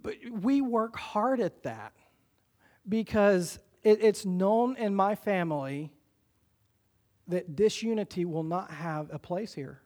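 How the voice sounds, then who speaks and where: Pastor preaching with a high voice. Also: male voice, darkish tone. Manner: emphatic preacher, slows for quoted scripture, speeds up for exhortations. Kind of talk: sermon.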